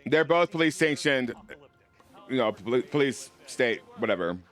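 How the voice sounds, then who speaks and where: A man's voice: mid-range voice, animated, normal speed, fairly bright tone. A man livestreaming, chatting casually and playfully with his viewers in a rambling way. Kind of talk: casual chat over a live broadcast.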